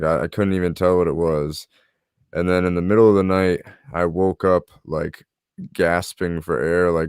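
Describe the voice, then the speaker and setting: Give me a deep-voiced young man as a podcast host, telling a story casually and doing the other people's lines. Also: clear, resonant tone, dry recording, clean studio sound. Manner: storytelling, acts out quoted voices. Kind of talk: casual chat.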